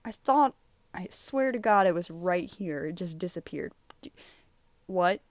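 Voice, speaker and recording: A woman's voice: lowish voice, expressive, unhurried. A young woman casually chatting as she goes through her old drawings, rambling, giggling and easily sidetracked. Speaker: YouTuber reviewing her own drawings. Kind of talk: casual chat.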